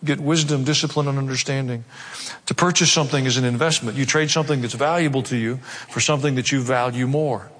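A pastor preaching a sermon, emphatic and conversational, repeating key phrases. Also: male voice, medium pitch, fairly even intonation, quick pace, a bit bright. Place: large church hall. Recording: long hall reverb.

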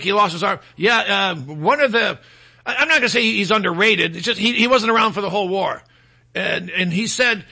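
A man hosting a talk radio show, talking in an animated, mocking and scornful way. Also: sits high, vocal fry. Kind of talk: opinionated talk radio monologue.

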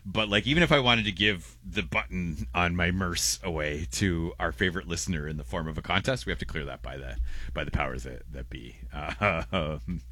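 A man's voice: sits low, normal speed, sharp tone, no room sound. A man co-hosting a casual radio show, reading listener messages with a rambling, stammering delivery and frequent laughs.

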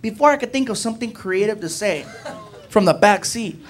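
A man's voice: sits high, animated, a little fast. A man doing stand-up comedy on a club stage, telling a story animatedly and acting out every character. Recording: noisy live club recording.

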